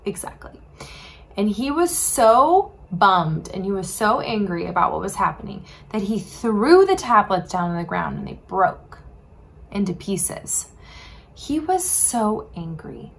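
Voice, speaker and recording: A woman with a medium-pitched, slightly slow and creaky voice gives a children's sermon. She tells a Bible story in a casual, animated way, asks the kids questions, and says "like" a lot.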